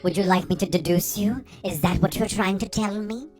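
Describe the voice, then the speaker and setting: A woman's voice: medium pitch, fairly quick, a little mellow, faint music behind. A woman co-hosting a casual review podcast, sassy and mock-outraged as she picks looks apart. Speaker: podcast co-host.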